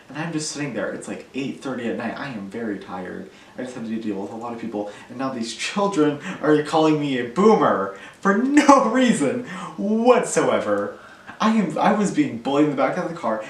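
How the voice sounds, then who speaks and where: A man's voice: fairly low pitch, slight background noise. A teenage boy telling school stories in a rambling, self-deprecating way, full of "like" and "um". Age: teens. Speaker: vlogger. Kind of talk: casual storytelling. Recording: echoey room, voice a little far from the mic.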